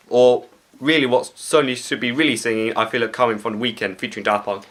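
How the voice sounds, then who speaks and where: A man's voice: medium pitch, fairly even intonation, a little fast, a bit bright. A man giving casual comedic commentary as a vlogger, rambling with fillers. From Britain. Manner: rambling, with frequent fillers and restarts.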